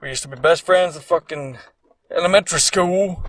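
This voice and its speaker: A man's voice: a little high, normal speed, fairly bright tone, no room sound. A man in his twenties giving casual, profane and rambling commentary on a cartoon he made as a teen. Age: 20s.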